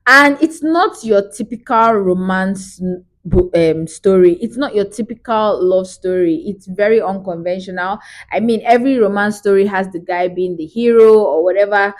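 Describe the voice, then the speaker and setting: A woman talks straight to camera, retelling a film plot in a casual review vlog. Her delivery is chatty and animated, full of storytelling energy. Her pitch sits in the middle of the usual range for a woman. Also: moderate pace. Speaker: movie reviewer.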